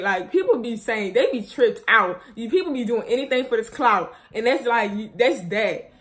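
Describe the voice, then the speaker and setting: A young woman vlogger, telling viewers a painful personal story in a rambling, grieving way, full of fillers and restarts. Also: mid-range voice. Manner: grieving, subdued and shaky.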